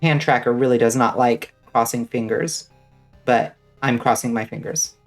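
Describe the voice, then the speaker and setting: A vtuber streams a game and chats casually with her viewers, rambling along with plenty of fillers and the occasional swear word. Her voice sits extremely low in pitch and moves at a normal speed, with soft music playing behind her.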